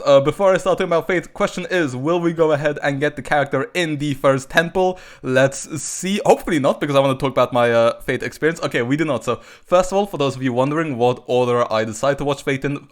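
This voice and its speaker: A man talking casually over his game pulls, rambling with lots of fillers and bursts of excitement. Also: on the high side. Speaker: gacha game YouTuber. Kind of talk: casual commentary while pulling on a game banner.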